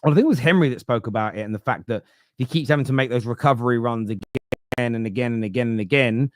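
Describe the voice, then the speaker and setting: A young man talking football from home as a pundit, answering viewer comments in a loose, animated way that trails off and restarts. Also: mid-range voice, fast, no room sound. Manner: animated, laughing, self-interrupting. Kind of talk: live football chat reading viewer comments. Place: home room.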